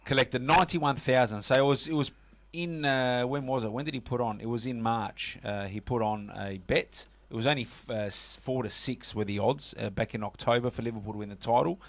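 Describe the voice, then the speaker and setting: Chatty Aussie sports radio host. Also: male voice, medium pitch, fairly quick, a little hiss or hum. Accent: Australian. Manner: chatty, lots of fillers and "mate". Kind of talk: casual sports chat on community radio.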